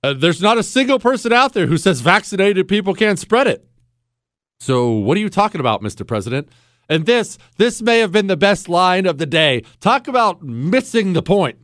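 Animated, high-voiced male radio host. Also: normal speed, dry recording, studio quality. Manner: laughing, sarcastic, animated. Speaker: radio talk show host. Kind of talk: animated call-in radio talk.

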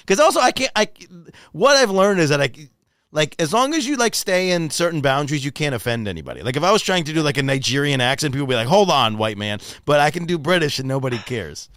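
Chatty guy hosting a podcast, high-ish voice that jumps all over, laughs a lot, dry close sound. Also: quick pace, no room sound. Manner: animated, playful, laughs often. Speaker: podcast host. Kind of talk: casual chat.

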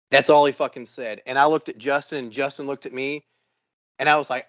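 Telling a story during casual podcast chat, this male co-host talks fairly quickly at a medium pitch, swearing constantly and animatedly acting out quotes. The recording has no room sound, and the highs are cut off.

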